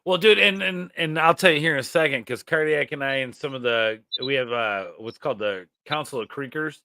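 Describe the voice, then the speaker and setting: A man from northern Illinois with a local accent, hosting a casual podcast chat and telling stories in an energetic, profane way. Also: medium pitch, fairly quick, no room sound. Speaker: podcast host.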